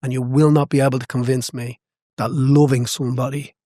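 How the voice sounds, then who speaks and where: A man's voice: medium pitch, little pitch movement, fairly quick, mellow, no echo, clean studio sound. A man, a boxing coach, talking as a guest in a podcast interview, passionate and emphatic, repeating phrases to drive home his point.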